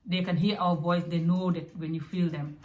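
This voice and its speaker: A young adult woman from Africa giving parenting advice in a casual, direct, animated way. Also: fairly low pitch, normal speed. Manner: animated and direct, with acted asides. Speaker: parenting vlogger. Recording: echoey room.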